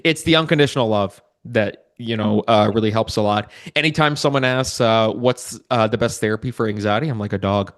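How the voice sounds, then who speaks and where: A man's voice: lowish voice, a little fast, hardly any pauses. A man hosting a podcast interview, talking casually and rambling with many "uh" fillers. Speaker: podcast host.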